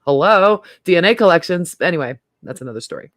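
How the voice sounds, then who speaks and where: A woman's voice: lowish voice, lively intonation, fast, no room sound, studio quality. A middle-aged woman hosting a casual livestream chat, talking freely and laughing often. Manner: chatty, laughs often, trails off and restarts. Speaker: host.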